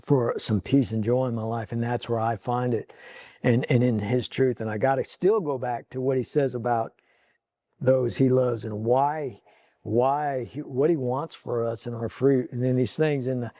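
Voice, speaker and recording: A middle-aged man talks as a podcast guest, earnest and heartfelt. He often breaks off and repeats words as he searches for the next thought. His voice is mellow and warm at a middle pitch, recorded close and dry. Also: steady tone, no echo. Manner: halting, full of restarts and repeated words. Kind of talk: casual chat.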